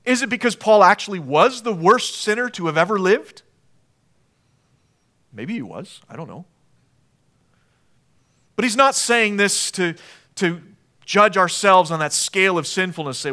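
A pastor delivering a sermon in a church, moving between quiet, hushed passages and raised, emphatic ones. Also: male voice, high voice, expressive, a little slow, long pauses. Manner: dynamic preaching, swinging from hushed to emphatic. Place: church sanctuary.

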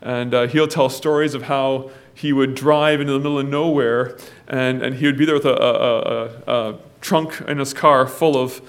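A man preaching a sermon, telling a story and building to loud, impassioned exhortation. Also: medium pitch, fairly even intonation, normal speed, few pauses. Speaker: pastor.

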